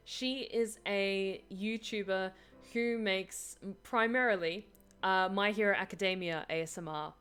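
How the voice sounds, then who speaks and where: A woman's voice: mid-range voice, a bit bright, clean tone. A woman chatting casually on a live stream, answering viewer questions with lots of fillers and laughter.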